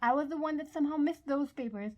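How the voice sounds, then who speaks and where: A woman's voice: high voice, quick pace, warm tone, highs cut off, pitched above the performer's own voice, natural voice. A woman voicing a guilt-ridden young man who is breaking down in sobs, in a fan audiobook reading. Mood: sobbing.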